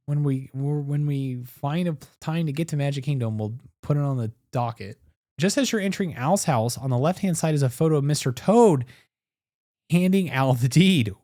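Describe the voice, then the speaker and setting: A man's voice: fairly high pitch, normal speed, dark tone, no echo, clean studio sound. A man co-hosting a podcast in casual chat, explaining park details step by step. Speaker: podcast co-host.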